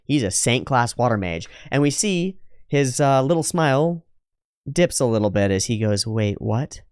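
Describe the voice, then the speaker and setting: A man talks through an anime episode as he watches, retelling each scene and slipping into brief mocking voices for the characters. His pitch sits in a middle range. The room around him is dry and dead. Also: big pitch swings, darkish tone, smooth, dry recording. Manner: narrates scenes and jumps into quick mocking character voices, laughs often. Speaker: anime reaction host. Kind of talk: casual commentary over an anime episode.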